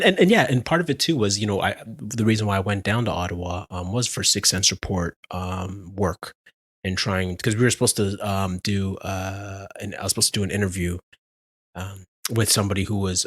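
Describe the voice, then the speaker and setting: A man co-hosting a podcast, telling a story in animated casual chat, laughing often and restarting his sentences. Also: low voice, moderate pace, no room sound. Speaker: podcast co-host.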